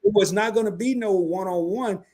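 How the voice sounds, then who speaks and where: A man co-hosting a casual podcast, talking in an animated way that jumps up high when he makes a point. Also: moderate pace. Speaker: podcast co-host.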